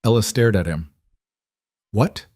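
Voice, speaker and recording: A man narrating a dark romance story in a measured, dramatic reading. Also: lowish voice, dry recording, clean studio sound.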